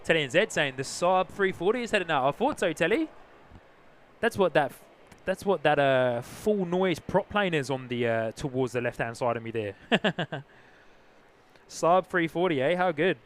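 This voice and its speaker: A New Zealand man hosts a casual live plane-spotting stream outdoors near an airport, chatting and greeting viewers. His voice is a little high and animated, he speaks a little slowly, and there's slight background noise.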